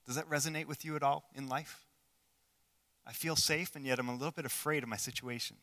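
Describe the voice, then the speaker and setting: A man preaching a sermon in an earnest way, asking the listeners questions and swinging between loud passages and hushed ones. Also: a little high, fairly even intonation, brisk. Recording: long hall reverb.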